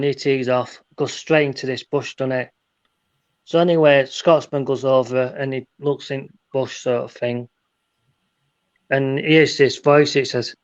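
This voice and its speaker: A man's voice: medium pitch, clean tone, lo-fi sound. A man telling rambling jokes and stories in a casual chat, often restarting his sentences. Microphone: phone.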